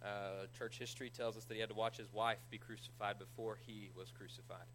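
A man preaching a conversational sermon as a pastor, retelling scripture with animated energy and self-deprecating humor. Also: lowish voice, a little fast, a little hiss or hum, poor audio.

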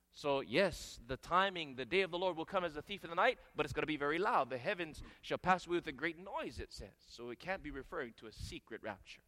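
A man's voice: sits high, pushed and bright. A man preaching a sermon, emphatic, posing questions to his congregation and answering them himself. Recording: echoey hall reverb.

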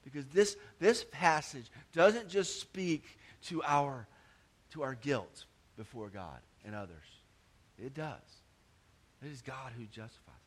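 A male pastor preaching a sermon, swinging between loud emphatic stretches and quiet low asides, often repeating words and restarting phrases. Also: lively intonation, slow pace.

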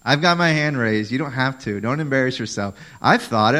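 A man's voice: medium pitch, animated, a little fast, few pauses, bright, forceful tone, poor audio. A man preaching a sermon in a conversational, emphatic way, often asking the congregation questions. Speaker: pastor.

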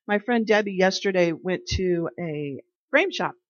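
With a lowish voice, lively intonation and a measured pace, a woman delivers an informal faith talk. She tells ordinary stories and acts out what others said, and the recording is dry and slightly dull.

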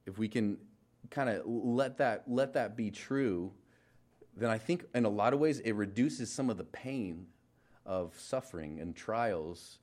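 A young adult man preaching a relaxed, conversational sermon, full of fillers, restarts and asides. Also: lowish voice, a little slow. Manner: informal, filler-heavy, many restarts and trailing asides. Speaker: pastor.

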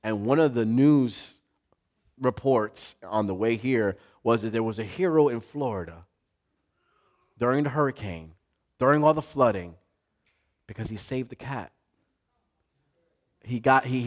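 A male pastor preaching a sermon to a live congregation, building from quiet talk to shouting. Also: mid-range voice, lively intonation, normal speed, long pauses.

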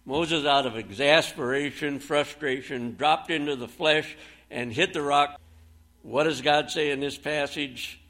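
A man's voice: mid-range voice, measured pace, gravelly, bright, forceful tone. A man preaching a sermon, reading scripture aloud and retelling Bible stories with plain, folksy phrasing and a few fillers.

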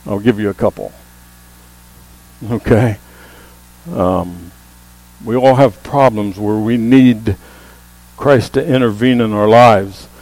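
A man preaching a sermon as a pastor, with emphatic calls that rise to the congregation and a low hum under the voice. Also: takes it slowly, long pauses, a little mellow, low-quality recording. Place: church sanctuary.

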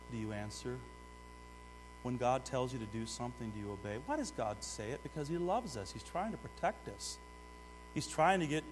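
Preaching man in an echoing hall. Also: mid-range voice. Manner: swings between loud urgent exhortation and hushed asides; asks the congregation direct questions. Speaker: pastor. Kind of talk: sermon. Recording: long hall reverb with mains hum.

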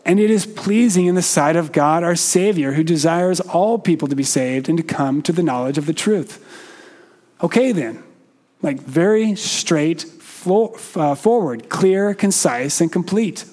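This sermon comes slowly and measuredly, punctuated by pauses and occasional questions to the congregation. The man's voice runs high, animated, with a darkish tone.

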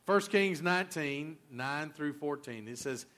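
Fervent pastor preaching. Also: male voice, fairly high pitch, animated, unhurried. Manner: emphatic, repetitive preaching with big swings in loudness. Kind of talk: sermon.

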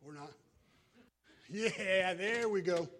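A man preaching a sermon, animated and joking, out of breath as he moves about with props. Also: sits high, slow. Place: church.

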